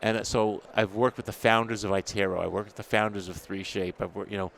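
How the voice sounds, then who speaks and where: A man's voice: on the low side, fast talker, creaky, slight background noise. An older man from New York City, a dental technology editor, telling stories in a casual interview and acting out the people he quotes. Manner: animated storyteller acting out quoted exchanges, laughs often. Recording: faint ambience at a trade show.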